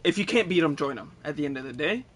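A man's voice: on the high side, animated, fast talker, a bit bright, slightly rough. A young man giving frustrated gameplay commentary, swearing, ranting and mocking himself sarcastically. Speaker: gaming YouTuber.

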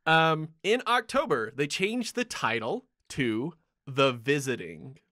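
A man's voice: fairly high pitch, very animated, slow, pushed and bright, no room sound, clean studio sound. A man hosting a podcast, casually walking his co-hosts through the history of a film production and laughing often. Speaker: podcast host. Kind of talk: casual chat.

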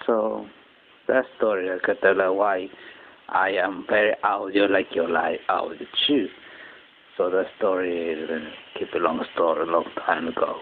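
A man from Japan, rambling through a personal story in halting English with many restarts. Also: low voice, level tone. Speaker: channel host. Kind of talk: casual personal monologue. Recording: tinny phone-quality audio with faint noise.

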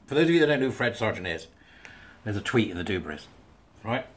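A man's voice: lowish voice, big pitch swings, quick pace, a little hiss or hum. A man reading a thread aloud and adding chatty, wry asides as a commentator. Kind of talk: casual monologue reading and commenting.

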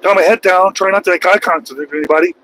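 A man in his forties, raised in Los Angeles, delivers a casual vlog monologue in a voice pitched higher than most men's. He talks with heated emphasis, circling back to repeat his key lines. The tone stays unscripted and conversational throughout. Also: fast talker, fairly bright tone, a little hiss or hum, poor audio. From Los Angeles, USA. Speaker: truck driver and channel host.

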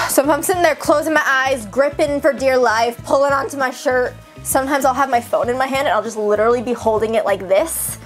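A woman's voice: high-pitched, fairly even intonation, a little fast, soft background music. A young woman talking casually to camera in a chatty, self-mocking way, full of "like". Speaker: vlogger.

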